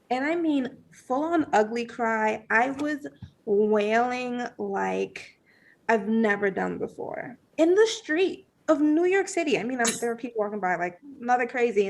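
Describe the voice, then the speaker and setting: A woman guest on a podcast telling a personal story in a casual, animated way, full of fillers and acted-out thoughts. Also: a little high, unhurried. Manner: animated, many fillers, acts out her own past thoughts.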